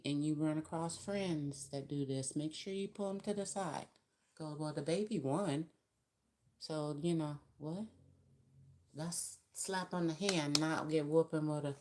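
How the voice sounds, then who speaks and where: Woman, low voice, chatty live-stream tarot reader with emphatic spiritual asides. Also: a little mellow, slight background noise.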